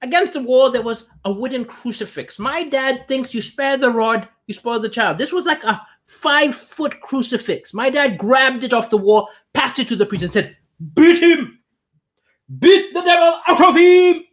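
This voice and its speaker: A man's voice: very high-pitched, moderate pace, few pauses, fairly bright tone. A man hosting an online comedy show, delivering a stand-up monologue with restarts and self-deprecating punchlines.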